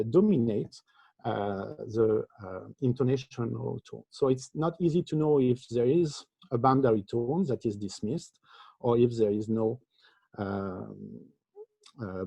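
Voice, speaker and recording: A man presenting an academic lecture over a video call, halting often with filler sounds. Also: medium pitch, vocal fry, dark tone, husky, no echo. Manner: hesitant, frequent filler sounds. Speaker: conference presenter.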